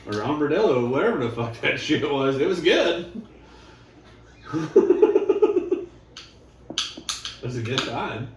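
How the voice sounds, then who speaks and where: Recorded in an echoey, noisy room from a distance, a man with a voice on the high side speaks animatedly at a moderate pace. He's a father laughing and swearing with friends in casual conversation, sharing stories and planning things.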